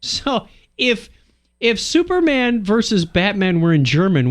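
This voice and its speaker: A man hosting a podcast, his voice sitting a little high and swinging widely in pitch as he banters. He jokes and laughs easily, and he narrates his own fiddling with the recording setup. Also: big pitch swings. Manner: jokey, quick to laugh, fiddles with recording gear. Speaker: podcast host. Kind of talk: casual banter.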